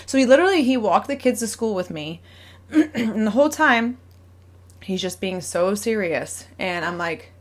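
A woman in her thirties tells a personal story from home in a rambling, conversational way. Her voice sits a little low, and she backs up, corrects herself, and acts out what others said. She clears her throat now and then as she talks. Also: moderate pace. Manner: rambling, with many fillers, self-corrections and acted-out quotes. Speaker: vlogger.

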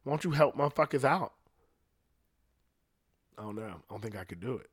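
A man's voice: mid-range voice, expressive, fairly quick, slightly rough, dry recording, clean studio sound. A young man hosting a podcast, talking in a casual, profane, rambling way and laughing at himself now and then. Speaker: podcast host.

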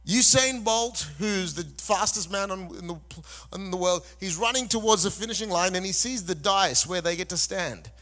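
Male preacher, high voice, animated call-and-response delivery, large echoing church hall. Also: moderate pace, faint music behind. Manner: animated, calls on the congregation to answer back; conversational asides between scripture readings. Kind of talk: sermon. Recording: long reverb in a large hall.

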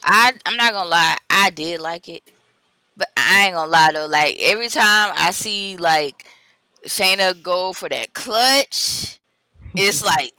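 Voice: mid-range voice, animated, unhurried, sharp tone, no room sound, rough recording. A co-host in a casual wrestling review chat, talking in laid-back slang with playful imitations. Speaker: podcast co-host.

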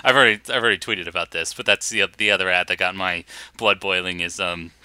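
Sarcastic laughing podcast host, bright voice. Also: male voice, sits low, fairly even intonation, quick pace, smooth, no echo. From Boston area. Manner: laughs often, mocking and sarcastic. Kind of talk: casual chat.

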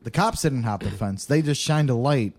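A man telling a wild story on a podcast, his pitch swinging all over as he laughs and swears. His delivery is loose and casual, full of energy. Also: lively intonation, normal speed, a little mellow. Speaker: podcast co-host.

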